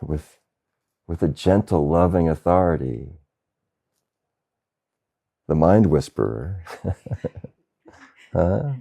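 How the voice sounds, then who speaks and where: Male spiritual teacher, satsang talk: very low, gravelly voice, unhurried gentle delivery with soft laughs. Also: lively intonation. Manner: slow, gentle, with soft laughs and questioning "huh?". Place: Asheville, North Carolina.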